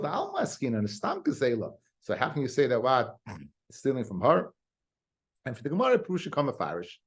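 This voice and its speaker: A rabbi teaching a daily Talmud class, reading Aramaic phrases and explaining them in casual English, often restarting his sentences. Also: mid-range voice. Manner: explains in a quick mix of Hebrew-Aramaic terms and English, with restarts.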